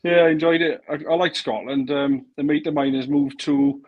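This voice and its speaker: A man's voice: fairly high pitch, fairly even intonation, normal speed, highs cut off. A man with a thick South Welsh accent, chatting easily on a live stream and laughing often. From Wales. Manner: easygoing, laughs often, says "mate". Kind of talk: casual chat on a live stream.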